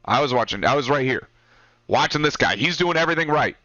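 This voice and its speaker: A man's voice: mid-range voice, animated, fast, sharp tone, dry recording. Profane man telling a war story. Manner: rambling, profane, pointing at a drawn map. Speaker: former Marine storyteller. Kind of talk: casual spoken storytelling. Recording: dry, dull lo-fi sound with faint music.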